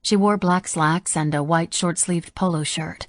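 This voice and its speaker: A woman's voice: lowish voice, fairly even intonation, a little slow, few pauses, no echo. A woman narrating a first-person audiobook in a blunt, sardonic manner.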